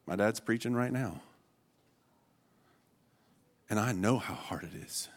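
A man's voice: on the low side, takes it slowly, long pauses. A man in his forties preaching a sermon, earnest and emotional, often breaking into laughter and restarting his sentences. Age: 40s.

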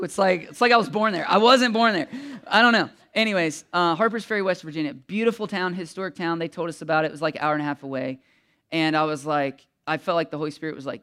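A pastor preaches a candid, conversational sermon packed with asides and fillers, becoming emotional until his voice catches. His voice is a little high, bright and smooth, and he speaks quickly.

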